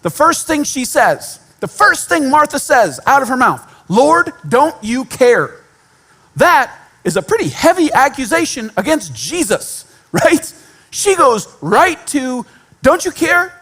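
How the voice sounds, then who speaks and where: High-voiced man preaching conversationally. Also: sing-song, unhurried, pushed and bright. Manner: conversational, self-deprecating humor, repeats points for emphasis. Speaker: pastor. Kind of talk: sermon.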